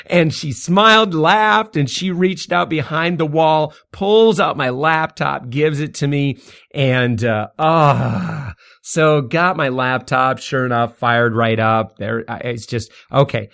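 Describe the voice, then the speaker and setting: A podcast host telling a story in a casual, animated way, laughing often, his voice jumping up when he gets excited. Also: on the high side, slow, creaky.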